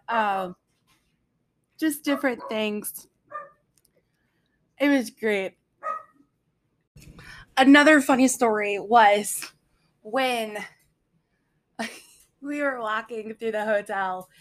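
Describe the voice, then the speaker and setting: A young woman talks through a personal story at an unhurried pace, chatty and rambling. Her voice sits a little high, and she breaks into laughter at her own anecdotes. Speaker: speaker sharing a personal faith story. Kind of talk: casual storytelling monologue.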